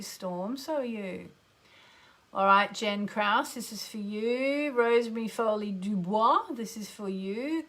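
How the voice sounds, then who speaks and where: A woman's voice: medium pitch, gravelly, a bit bright. Chatty middle-aged Australian woman astrologer. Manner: chatty and enthusiastic, greets listeners by name. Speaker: astrologer hosting a live radio show. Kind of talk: live show chat with oracle card readings.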